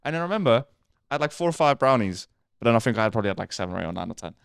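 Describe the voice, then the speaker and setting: A man's voice: mid-range voice, big pitch swings, rapid-fire, creaky, clear, resonant tone, no room sound, clean studio sound. A young man co-hosting a comedy debate podcast, joking, teasing and swearing freely. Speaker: co-host. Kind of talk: casual comedy debate chat.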